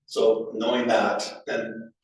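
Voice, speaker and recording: A man's voice: medium pitch, little pitch movement, slow. A man giving a funeral eulogy for a family member, telling casual anecdotes with fillers and restarts and chuckling between stories. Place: funeral home chapel. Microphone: distant from the recording microphone. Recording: echoey room recorded from far off.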